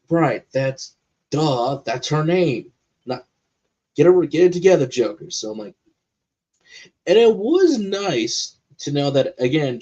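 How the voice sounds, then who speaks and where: A man's voice: medium pitch, highs cut off. A man co-hosting a watch party stream, chatting casually about cartoon episodes and acting out his own reactions. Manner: animated, acts out his own reactions in quotes.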